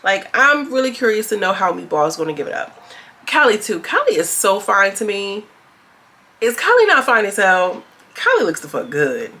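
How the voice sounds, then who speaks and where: A young woman talking through a reality show episode in a relaxed, gossipy flow. Her voice sits in an ordinary middle pitch. She is candid and swears freely, and she slips into quick impressions of the people on the show. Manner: chatty and candid, acts out cast members' lines, swears freely. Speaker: reality TV recap vlogger. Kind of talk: casual recap chat.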